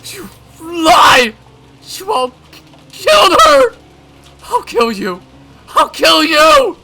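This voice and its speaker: A man's voice: very high voice, wildly swooping pitch, moderate pace, vocal fry, heavy background noise, voice pushed up, exaggerated voice. A man voicing a grief-stricken teenage girl in a murderous rage, screaming threats through sobs. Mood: frantic screaming. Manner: shrieking, sobbing, screamed threats. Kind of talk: visual novel voice acting.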